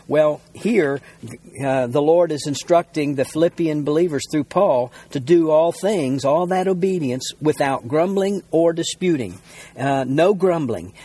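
A male pastor teaching a sermon, reading scripture aloud and explaining it with many pauses and repeated words. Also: medium pitch, darkish tone, breathy edge. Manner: unscripted teaching with frequent uh fillers and repeated words.

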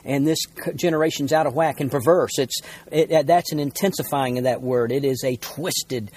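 A male pastor teaching a sermon, reading scripture aloud and explaining it with many pauses and repeated words. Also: mid-range voice, darkish tone, a little hiss or hum. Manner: unscripted teaching with frequent uh fillers and repeated words.

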